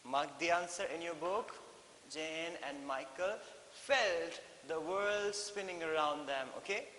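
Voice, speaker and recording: An Indian man teaching an English lesson in a classroom, explaining slowly and repeating phrases with frequent "okay?" checks. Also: on the high side, bright, forceful tone. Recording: echoey hall with faint hiss.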